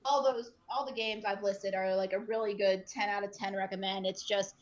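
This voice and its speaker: A woman's voice: medium pitch, fairly even intonation, normal speed, dull audio. A woman chatting on a gaming podcast, earnest and emotional, rambling with plenty of fillers. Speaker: podcast guest, streamer. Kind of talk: casual podcast chat.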